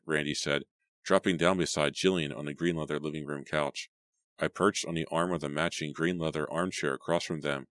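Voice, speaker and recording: Very deep-voiced man narrating a horror book. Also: steady tone, a little fast, a bit bright, dry recording, studio quality. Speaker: audiobook reader. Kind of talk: first-person horror novel narration.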